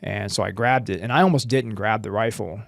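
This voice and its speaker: A man's voice: on the low side, vocal fry, no echo, clean studio sound. A middle-aged American man, a former Marine guest, telling a combat story in a casual interview and acting out the dialogue. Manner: animated, acts out dialogue in quick bursts.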